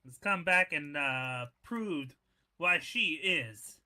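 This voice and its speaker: A man's voice: fairly high pitch, expressive, slow, pushed and bright, low-quality recording. A man calling wrestling matches and announcing winners, with a playful, joking banter style. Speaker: wrestling commentator and ring announcer. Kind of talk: excited play-by-play commentary.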